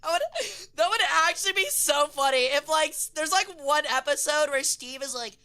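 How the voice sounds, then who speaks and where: A young woman streamer chatting casually, swearing, laughing and breaking into loud silly voices. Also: high-pitched, steady tone, moderate pace.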